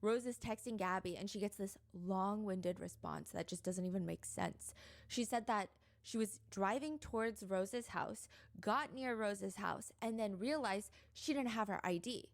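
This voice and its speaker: A woman's voice: mid-range voice, a little slow. A young woman casually retelling a true crime case, chatty and full of fillers, sometimes quoting the people involved. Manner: chatty, filler-heavy retelling with quoted voices.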